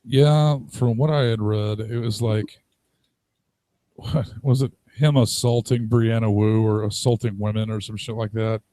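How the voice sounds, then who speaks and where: A man's voice: fairly low pitch, steady tone, unhurried, dark tone, dry recording. A man co-hosting a casual chat, talking in a rambling, crude way and laughing often. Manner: rambling, crude, laughs a lot, acts out quotes. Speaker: podcast co-host.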